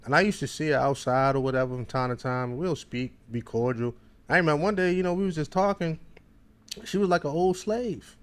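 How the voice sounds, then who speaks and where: A man's voice: fairly high pitch, a little fast, smooth. A man with a Baltimore accent hosting a podcast, telling a long, rambling story in casual slang. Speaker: podcast host.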